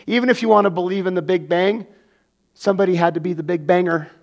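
A man preaching a sermon as pastor, animated, acting out quoted voices and swinging from loud bursts to hushed asides. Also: high voice, fast talker, lo-fi sound.

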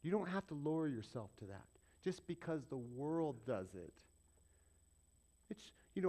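A man's voice: fairly high pitch, sing-song, a little slow, warm tone. A man preaching a conversational sermon, asking rhetorical questions and repeating points for emphasis. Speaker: pastor.

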